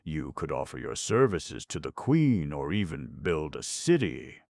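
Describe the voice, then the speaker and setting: A man's voice: very deep voice, big pitch swings, unhurried, a little mellow, dry recording, studio quality, full character voice. A man voicing a chatty, cheerful male clown in an audiobook, raising his voice a little for the part. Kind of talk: audiobook narration.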